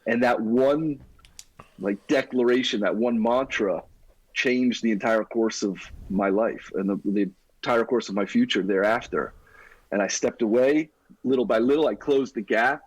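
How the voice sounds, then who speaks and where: A middle-aged man tells his own story on a podcast, lively and casual, calling the host "dude." His voice is slightly husky and sits at a mid pitch. The sound is dry and close, with almost no room. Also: moderate pace, dry recording, low-quality recording. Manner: energetic, talks like a buddy, says "dude". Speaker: podcast guest.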